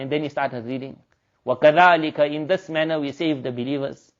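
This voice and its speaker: A man's voice: on the high side, fast talker, lo-fi sound. A man preaching a sermon, telling a story earnestly and mixing in Arabic and Urdu religious terms. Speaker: Islamic preacher.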